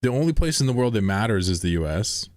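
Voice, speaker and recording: A man's voice: lowish voice, very animated, fast, darkish tone, dry recording, studio quality. A man streaming a game, chatting casually with his viewers in a sarcastic, mock-indignant ranting manner. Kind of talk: casual livestream banter with chat.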